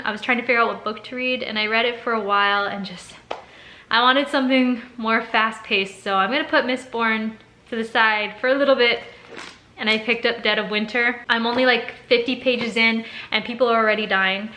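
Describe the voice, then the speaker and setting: A woman's voice: a little high, sharp tone. A woman who is a teacher, chatting casually to camera in a vlog, rambling and laughing often. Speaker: teacher and vlogger.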